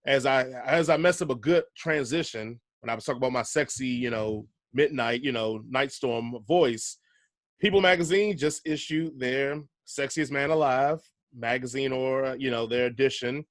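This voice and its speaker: Chill guy host on a podcast, talks easy and laughs a lot, mid pitch, no room sound. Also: normal speed, hardly any pauses, fairly bright tone, no echo. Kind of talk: casual podcast chat.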